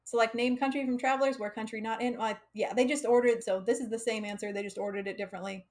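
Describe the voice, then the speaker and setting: A woman's voice: on the high side, steady tone, fast talker, a little mellow. An American woman teaching coding on a live stream, chatty and laughing often, with frequent fillers. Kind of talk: casual live coding lesson.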